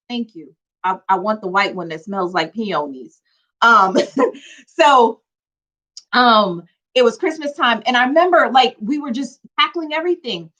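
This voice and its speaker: A woman's voice: fairly high pitch, sharp tone, rough recording. A woman in her forties hosting a casual live stream, chatting with viewers and greeting them by name. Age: 40s. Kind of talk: casual chat. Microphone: phone or webcam on a live stream.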